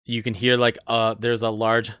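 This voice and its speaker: A man narrating a tabletop role-playing game as game master, in a relaxed, rambling way with many fillers. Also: mid-range voice, moderate pace, clear, resonant tone, no echo.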